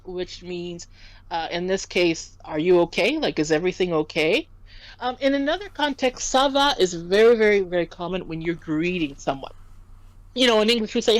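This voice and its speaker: A woman tutoring French in a casual stream lesson, animated and quick to laugh as she explains. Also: mid-range voice, no room sound, low-quality recording.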